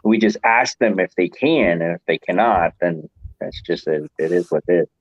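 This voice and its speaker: Rambling low-voiced man hosting a chat. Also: normal speed, no echo. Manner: rambling, chuckles often. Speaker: livestream host. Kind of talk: casual chat. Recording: dull, muffled stream audio.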